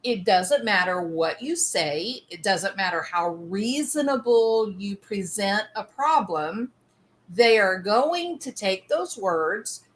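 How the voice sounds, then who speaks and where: A woman's voice: mid-range voice, animated, slow pace. A woman giving emphatic commentary, sometimes acting out quoted lines.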